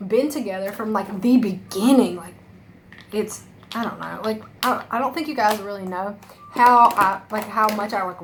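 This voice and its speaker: A woman's voice: mid-range voice, background noise. A young woman talking to camera as a makeup vlogger, rambling and emotional, filling her talk with "like" and swearing. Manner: rambling, emotional, heavy use of "like" and profanity. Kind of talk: casual rambling monologue to camera.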